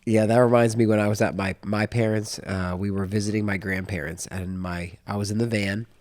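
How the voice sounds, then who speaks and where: Low-voiced man telling church stories. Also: a little fast. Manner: animated storyteller who acts out voices. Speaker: pastor co-hosting a sermon recap. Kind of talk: casual church podcast chat.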